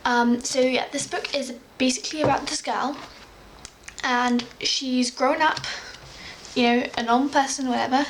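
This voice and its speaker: A young woman with an English accent that has picked up a slight American tinge chats about books in a loose, rambling way. Her voice sits fairly high but stays flat and even. A faint hiss runs under the recording. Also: poor audio. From England. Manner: rambling, with many fillers and giggles. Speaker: book vlogger. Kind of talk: casual chatty monologue.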